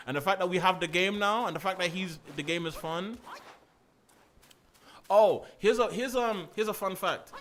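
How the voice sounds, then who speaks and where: A man's voice: a little high, a little hiss or hum. A young man, ranting playfully and swearing while streaming a game. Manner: animated, swearing, playful rants. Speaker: gaming streamer. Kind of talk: casual gaming commentary.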